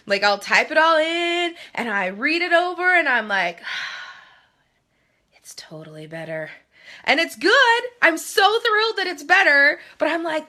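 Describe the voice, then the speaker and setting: A woman novelist in her thirties, chatting live to viewers with emphatic, animated writing advice and self-mocking asides. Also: on the high side. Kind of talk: live video chat answering viewer comments.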